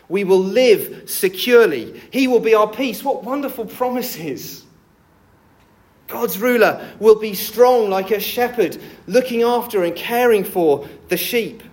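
A man preaching a sermon, explaining scripture with a lively, jokey storytelling delivery. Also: high voice.

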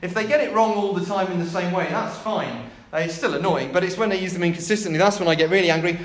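A man's voice: sits high, fast talker, few pauses, roomy sound. A man preaching a chatty, jokey sermon.

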